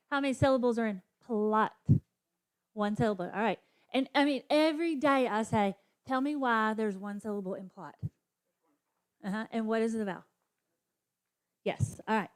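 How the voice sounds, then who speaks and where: A woman's voice: a little high, moderate pace, pauses often. A woman teacher demonstrating a phonics lesson for other teachers, sounding out letters and modeling classroom chants. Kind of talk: professional development demonstration for teachers.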